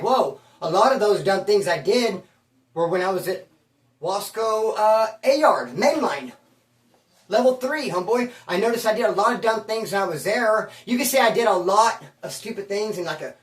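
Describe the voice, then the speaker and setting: A man's voice: high voice, far from the mic. Man telling stories in a roomy space. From Bakersfield, California. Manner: animated, slangy and self-mocking. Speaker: channel host. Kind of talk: casual storytelling monologue. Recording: roomy sound, voice away from the mic.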